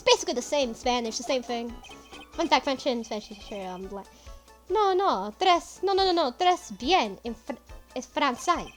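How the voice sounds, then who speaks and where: A woman from Puerto Rico records casual commentary over a video game, chatty and quick to swear. Her voice sits high. Faint game music plays behind her. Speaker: let's player.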